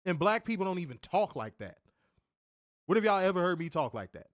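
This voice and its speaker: A man's voice: sits high, big pitch swings, brisk, dry recording, clean studio sound. A man reviewing a wrestling show in casual chat, ranting animatedly and swearing often.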